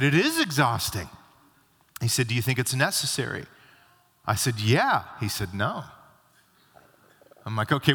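A man's voice: mid-range voice, pushed and bright. A middle-aged male pastor preaching a sermon, telling a personal story in a conversational way and acting out the dialogue. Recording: long hall reverb.

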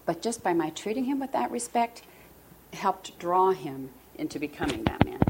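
An older woman giving a personal testimony to a church group, earnest and openly emotional. She voices other people's words vividly in a fairly low voice. Faint noise sits under the recording. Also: sing-song, normal speed. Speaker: marriage ministry speaker.

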